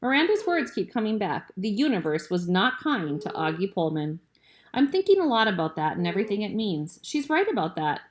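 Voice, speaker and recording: A mother reads a bedtime story aloud to her children at home. Her reading is lively and expressive, moving freely up and down in pitch.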